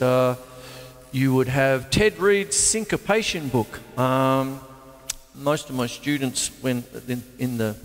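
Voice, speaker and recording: An older man, chatting his way through a drum lesson, rambling and laughing often. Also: mid-range voice. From Australia. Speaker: drum teacher. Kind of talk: casual drum lesson talk. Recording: long hall reverb, loud drum kit. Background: drums and music playing.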